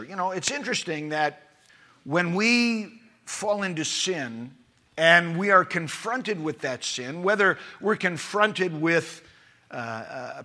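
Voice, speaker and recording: A man's voice: a little high, sharp tone. A man preaching a sermon, telling a story and reading scripture aloud, with emphatic rising lines. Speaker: pastor.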